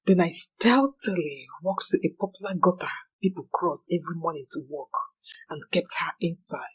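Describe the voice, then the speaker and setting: A young woman narrating her own story in the first person, slow, somber and confessional. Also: fairly low pitch, slightly rough, rough recording.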